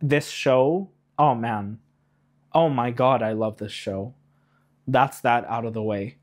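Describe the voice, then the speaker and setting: A man in an excited spoiler rant reviewing a TV episode, animated, rushing ahead and getting emotional along the way. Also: medium pitch. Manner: animated, rushes and trails off, emotional asides. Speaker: YouTube reviewer.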